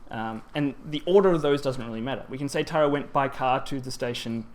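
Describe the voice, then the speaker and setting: A man's voice: medium pitch, a little fast. A man presenting at a language teaching symposium, explaining grammar in a conference talk with frequent ums and self-corrections.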